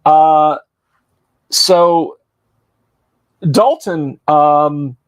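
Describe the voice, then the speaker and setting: A man running a tabletop horror game, narrating slowly and deliberately with fillers. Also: a little high, clear, resonant tone, dry recording. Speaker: game master.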